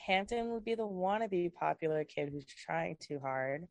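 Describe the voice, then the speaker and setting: A woman's voice: lowish voice, normal speed, no room sound. Chatty young woman, dry sound. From Virginia, USA. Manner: animated and rambling, laughs often. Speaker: guest. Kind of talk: casual chat.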